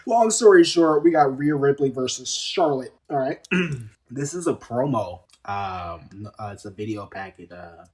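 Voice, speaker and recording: A man's voice: medium pitch, expressive, a little slow, darkish tone. A man giving a casual, exasperated rant reviewing a wrestling show, sarcastic and heated, often repeating himself. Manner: repeats words and restarts often.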